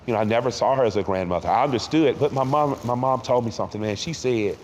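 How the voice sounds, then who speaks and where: A man in his forties, a guest in an interview, speaking in a heartfelt way and sometimes tearful, pausing and repeating words when moved. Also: medium pitch, a little mellow, long reverb tail, slight background noise. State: tearful at times. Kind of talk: emotional reflective interview talk.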